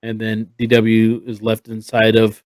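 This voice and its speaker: A man's voice: lowish voice, monotone, measured pace, darkish tone, dry recording, rough recording. A man narrating as game master in a streamed tabletop game, rambling and full of fillers. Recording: streamed voice chat.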